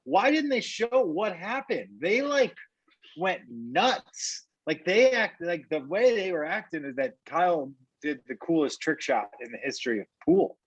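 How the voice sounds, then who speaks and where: A man joining a podcast as guest, quippy and animated in conversation. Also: a little high, a little slow, husky, dry recording. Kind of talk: casual chat. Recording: dull lo-fi sound.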